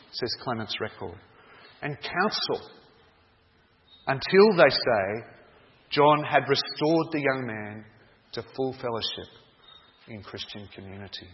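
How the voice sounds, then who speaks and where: A man preaching a sermon, telling a story in a dramatic, deliberate way. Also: mid-range voice, lively intonation. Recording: dull echoey hall sound.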